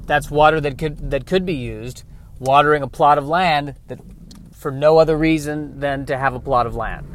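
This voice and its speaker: A man with a somewhat raised pitch rambles through a comic monologue, mocking himself and wandering from one thought to the next. He talks to himself as he goes. A faint hum of a car sits behind his voice. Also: moderate pace. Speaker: vlogger.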